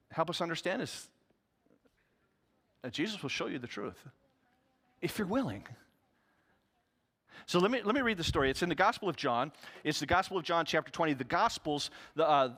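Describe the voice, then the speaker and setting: Bright-voiced pastor preaching in a hall. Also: male voice, fairly high pitch. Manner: conversational, earnest, with restarts. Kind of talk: sermon.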